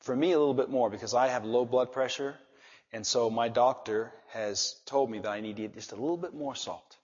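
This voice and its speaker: A man preaching a sermon with animated delivery, swinging from soft asides to loud emphasis, with a slightly husky voice. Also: medium pitch, fairly quick. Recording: dull reverberant hall sound.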